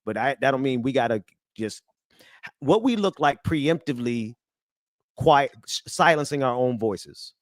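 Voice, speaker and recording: A man's voice: medium pitch, expressive, a little slow, dry recording. Guy hosting a talk, mid voice, laughs a lot, dry close sound. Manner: laughs often, earnest and rallying. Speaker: host. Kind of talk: casual political chat.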